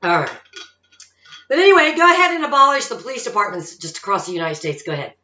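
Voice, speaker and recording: Lady in her 50s ranting to camera, swoopy bright voice, keeps going okay? all right?, roomy muffled audio. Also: medium pitch, lively intonation, quick pace. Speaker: psychic-medium vlogger. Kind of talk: casual monologue rant. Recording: roomy, dull lo-fi sound.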